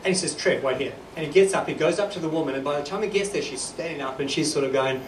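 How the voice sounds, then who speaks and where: A man's voice: a little high, rapid-fire. A man with a New Zealand accent telling rambling, self-deprecating stand-up stories on a club stage, with laughter behind him. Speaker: stand-up comedian. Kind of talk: stand-up comedy. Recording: echoey club from a distance, noisy. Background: audience laughter.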